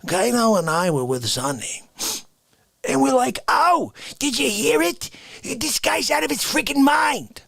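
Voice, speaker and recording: A man putting on a deep, gruff, indignant voice, scolding someone with a growl. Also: very animated, measured pace, a bit bright, dry recording, clean studio sound, heavily acted. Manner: indignant, growling, repeats "how dare you".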